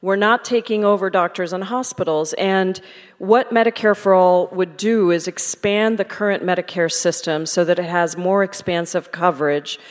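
A woman's voice: fairly low pitch, fairly even intonation, moderate pace. A woman, a congresswoman, explaining a policy confidently and emphatically, listing points at a live event. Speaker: congresswoman, panel guest. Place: large hall with an audience. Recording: hall reverb with crowd behind.

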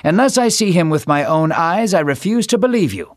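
Man playing Thomas, doubting male disciple, insistent, pained, higher voice, storybook. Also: animated, a little fast, no room sound, clean studio sound, natural voice.

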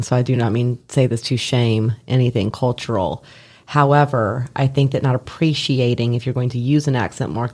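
Animated, profane woman telling stories. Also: a bass voice. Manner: animated storyteller, profane, acts out voices, laughs often. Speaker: former labor and delivery nurse. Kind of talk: casual chat.

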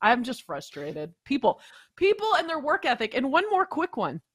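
A woman in her thirties tells exasperated stories in a casual talk-show chat. Her voice sits high and sounds bright and forceful. She often leaps up even higher to mimic the people who annoyed her. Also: moderate pace, slightly rough.

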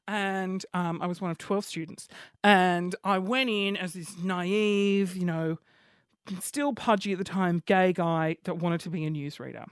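Excitable high-voiced Australian man. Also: unhurried, clear, resonant tone, no room sound, clean studio sound. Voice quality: high-pitched voice. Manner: excitable, rambling, self-mocking. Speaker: podcast host. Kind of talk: casual solo podcast chat.

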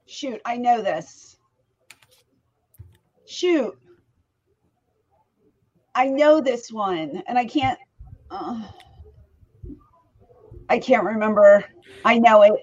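A woman co-hosting a podcast in casual chat, animated, laughing easily and trailing off mid-sentence. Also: fairly high pitch, very slow, pauses often, lo-fi sound. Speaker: podcast co-host.

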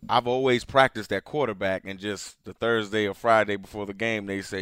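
Man, smooth resonant low voice, excitable, casual podcast co-host, dry close sound. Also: fairly quick, no echo. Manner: excitable, laughs loudly, gets louder and higher when worked up. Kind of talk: casual chat.

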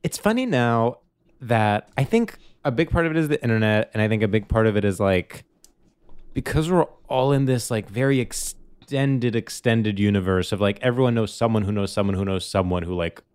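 A man's voice: lowish voice, moderate pace, darkish tone, clear, resonant tone. A man co-hosting a casual chat podcast, speaking in a chatty, rambling way with many restarts. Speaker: podcast co-host.

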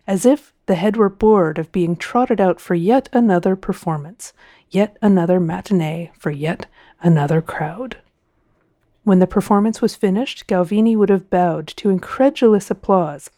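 A woman narrating a novel in an expressive, measured storytelling voice, close to the mic. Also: on the low side, no room sound. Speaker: audiobook narrator. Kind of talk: scripted narration.

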